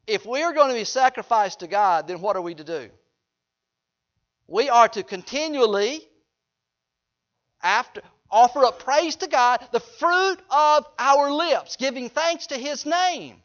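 High-voiced preacher, folksy. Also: male voice, lively intonation, a little slow, fairly bright tone. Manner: folksy, jokes with the congregation. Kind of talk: sermon. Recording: dull lo-fi recording.

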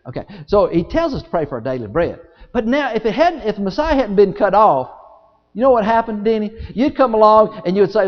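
Male preacher, high voice, folksy sermon storyteller; muffled lo-fi recording, long reverb. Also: lively intonation, a little fast. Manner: folksy storytelling, acting out both sides of dialogues. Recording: dull lo-fi sound with long church reverb.

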